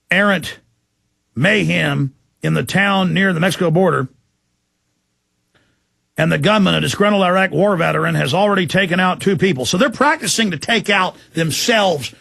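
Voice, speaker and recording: A man's voice: high-pitched, creaky, fairly bright tone, no echo, clean studio sound. A man hosting a political talk show, delivering an impassioned, ranting monologue.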